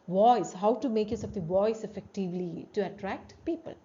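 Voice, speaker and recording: Woman teacher, classroom lecture, warm mellow tone, dull lo-fi sound, checks in with listeners often. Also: normal speed. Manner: explains terms with repeated checks like "you know" and "see the difference"; demonstrates tones by swinging her pitch and loudness.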